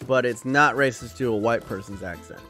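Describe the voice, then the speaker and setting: A man's voice: medium pitch, fairly quick, bright, forceful tone, faint music behind. A young man streaming, talking casually and rambling to his chat, often swearing. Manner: rambling, chatty, profane, laughs at chat.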